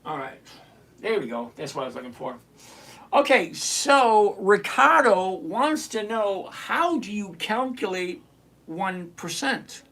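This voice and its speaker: A man with a fairly high voice hosts a live trading stream. He reads out viewer names and greets them, teases the ones who slip up, and slows down whenever he explains a calculation. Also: big pitch swings, gravelly, a bit bright. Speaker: livestream trading show host. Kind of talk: live-stream chat answering viewer comments.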